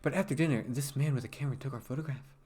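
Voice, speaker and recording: A man voicing a sweet, eager young girl in a game, in a high, bubbly voice. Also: very fast, slightly rough, lightly acted. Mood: chatty. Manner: high, bright, bubbly girlish voice.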